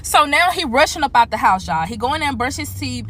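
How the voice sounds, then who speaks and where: Bright-voiced woman telling a storytime. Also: high voice, fast, slight background noise. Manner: animated, profane, addresses viewers as y'all. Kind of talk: casual storytime monologue.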